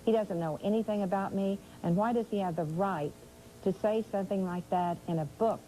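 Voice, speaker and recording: An older woman speaking as a guest on a live TV interview, aggrieved and halting, often restarting her sentences. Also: mid-range voice, dark tone, slight background noise, low-quality recording.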